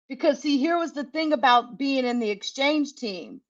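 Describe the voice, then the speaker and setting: A woman's voice: high-pitched, expressive, normal speed, hardly any pauses. A middle-aged woman telling a candid, profane story from her working life in casual chat, laughing often. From United States. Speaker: tech channel host. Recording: dull lo-fi recording.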